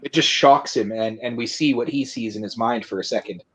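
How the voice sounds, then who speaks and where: A man co-hosting a podcast, talking through a movie casually and haltingly while going by his notes. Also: medium pitch, fairly bright tone, husky. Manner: halting, many fillers, reading from notes. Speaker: podcast co-host.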